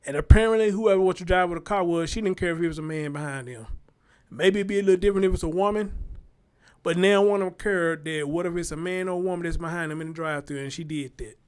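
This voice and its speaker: High-voiced man, blunt slangy monologue. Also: fast, clean tone. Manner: blunt, animated storytelling with heavy slang. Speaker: show host. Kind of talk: casual commentary monologue.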